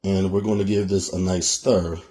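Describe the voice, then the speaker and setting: This cooking show host from Philadelphia talks viewers through a recipe casually and chattily in his Philadelphia accent, addressing them as "y'all." His voice is low and dark, with a level tone at a normal speed.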